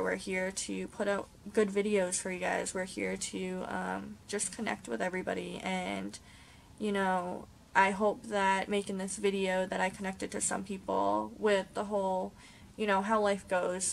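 Young woman vlogging from home, kinda rambly, lots of um, gravelly fry on the ends. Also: medium pitch, slight background noise. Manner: rambling, hesitant with many ums. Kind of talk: casual talk to camera. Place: home, indoors.

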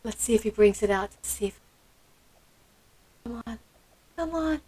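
A woman's voice: a little high, animated, a little slow, mellow, breathy edge, rough recording. A woman hosting a gameplay video, gushing with sweet enthusiasm and gasping often. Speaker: channel host. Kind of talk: excited gameplay commentary.

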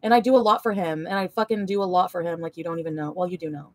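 A woman's voice: lowish voice, steady tone, racing, no room sound. A young woman livestreaming an angry, profane, rambling rant full of fillers.

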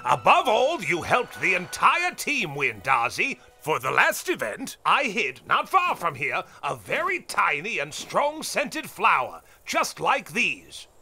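A man voicing a wise, calm male jungle elder who referees games in a cartoon dub, speaking in a patient, lecturing way. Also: high voice, takes it slowly, few pauses, faint music behind, heavily acted. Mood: instructive.

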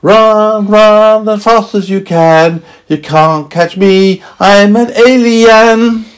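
A man voicing a small, cheeky runaway alien in a high sing-song chant for a toddler's storybook. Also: lively intonation, moderate pace, a bit bright. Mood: taunting.

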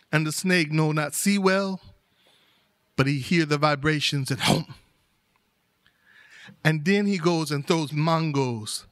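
A male storyteller tells a folktale aloud with animated, rhythmic repetition. His voice sits high and sounds bright and forceful.

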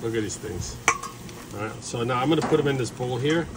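Speaking briskly at a typical middle pitch, a home cook chats his way through a recipe, full of fillers and side comments, first in the kitchen and then at an outdoor backyard grill. The sound is recorded on the filming camera outside, so background noise is clearly audible.

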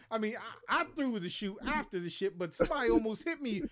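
Speaking high and fast with few pauses, a man in his thirties from Maryland, USA tells profane stories on a casual gaming livestream. As co-host of the gaming talk show, he animatedly acts out the other people's lines.

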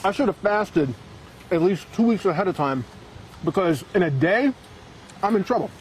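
A man's voice: high voice, animated, moderate pace, slight background noise, rough recording. A male TV reporter doing a live, upbeat field segment from an outdoor food stand, bantering playfully. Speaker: TV morning reporter.

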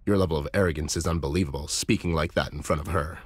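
A hard-boiled teddy bear detective with a very low, husky voice. He trades deadpan wisecracks in dry, close game dialogue. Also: fast, dry recording. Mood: deadpan noir. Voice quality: deep gravelly voice. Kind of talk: noir game voice acting.

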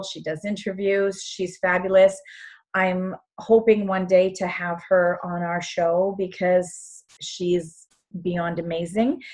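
A middle-aged woman hosts a casual show in an easy, chatty way. Her voice sits at a medium pitch, and she grows eager and sentimental as she goes on, at times sounding choked up. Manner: enthusiastic, gets emotional and tearful. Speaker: show host. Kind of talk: casual chat.

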